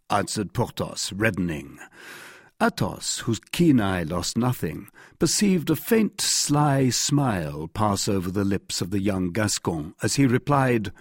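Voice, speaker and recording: A man narrating an adventure novel as an audiobook in an expressive storytelling manner. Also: fairly low pitch, a little slow, breathy edge, no echo, studio quality. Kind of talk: scripted narration.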